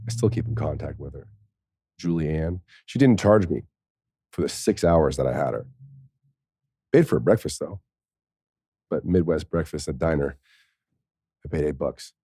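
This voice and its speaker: Man, very low voice, mellow tone, dry close sound, candid profane storytelling, tearful. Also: lively intonation, normal speed, pauses often, dry recording. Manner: candid and profane, with laughs and soft, choked passages. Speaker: podcast guest, former pro football player. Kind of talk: emotional personal storytelling.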